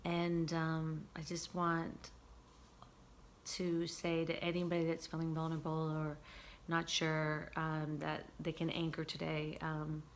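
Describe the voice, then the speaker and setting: A woman vlogger talking casually about spiritual healing, earnest and searching, with frequent pauses and fillers. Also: low voice, completely flat delivery, slight background noise.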